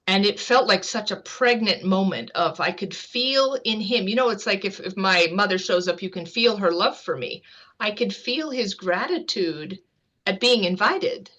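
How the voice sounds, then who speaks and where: A woman's voice: mid-range voice, moderate pace, muffled recording. A woman guest on an interview show, vividly recounting a personal experience in a conversational storytelling manner. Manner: vivid, animated anecdote-telling with light laughter. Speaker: guest author.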